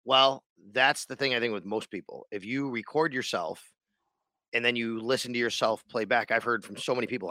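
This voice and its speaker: A man's voice: mid-range voice, a little fast, pushed and bright, no room sound, clean studio sound. A man co-hosting a sports podcast in casual chat, rambling and restarting his sentences. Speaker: radio sports show co-host.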